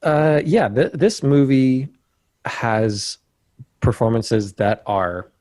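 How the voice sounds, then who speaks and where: A man with a mid-pitched voice co-hosts a casual film podcast. He speaks wryly and slips into mock impressions. The recording is dry and close. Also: expressive, slow pace, darkish tone, no room sound. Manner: wry, does mock impressions of actors. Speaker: podcast co-host.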